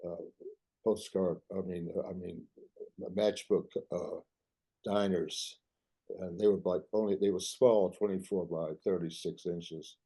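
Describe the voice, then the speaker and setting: Low, dark-voiced older man reminiscing. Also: gravelly, slightly rough. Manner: halting, full of restarts. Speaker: artist giving a club talk. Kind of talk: reminiscing talk.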